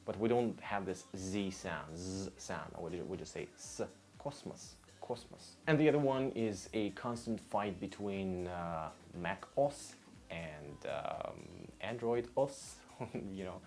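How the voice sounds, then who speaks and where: A man with a Russian accent teaching vocabulary in a casual lesson, patiently repeating each word several times, with a relaxed manner. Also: low-pitched, slow pace. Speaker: language teacher.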